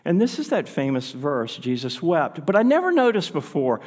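A man's voice: a little high, huge pitch swings, normal speed, a little mellow, long reverb tail. A man pastor preaching a sermon in an earnest, conversational way, pushing his voice up for emphasis.

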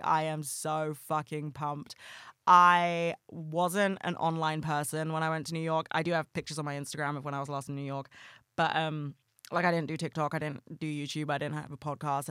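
A young adult podcast host talks straight to the listener in a loose, heated ramble, swearing freely and leaning on fillers. The voice is bright and forward. The sound is dry and close, with no room around it. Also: mid-range voice, level tone, normal speed, smooth, no echo. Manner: chatty and passionate, swears freely, many fillers. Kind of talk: casual solo podcast chat.

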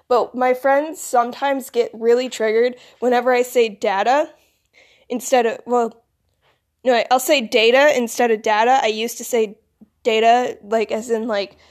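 Rambling teenage girl, high voice. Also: darkish tone. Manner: filler-heavy, rambling, lots of "like". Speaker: vlogger. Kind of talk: casual rambling monologue.

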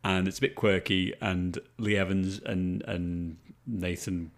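A man's voice: low-pitched, steady tone, a little slow. A man co-hosting a podcast, chatting casually about a movie with lots of swearing and restarts. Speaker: podcast co-host. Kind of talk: casual movie review chat.

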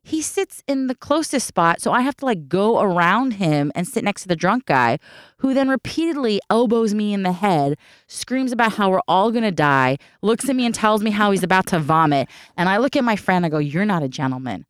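A woman telling stories in casual chat, animated and quick to act out what people said. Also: mid-range voice, clear, resonant tone, no room sound, clean studio sound. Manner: animated, acts out quotes, swears.

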